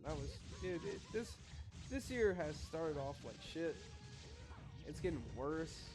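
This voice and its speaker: A young man with a somewhat high-pitched voice spins a casual, rambling story. He swears freely and acts out both sides of each conversation. Faint music plays quietly in the background. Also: lively intonation, slow pace. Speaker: vlogger.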